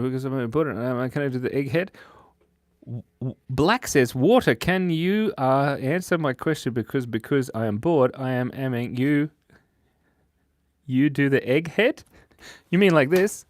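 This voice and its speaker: Recorded with clean studio sound and no room noise, a medium-pitched man draws on a live stream. He chats in a silly, playful way and reads the chat aloud.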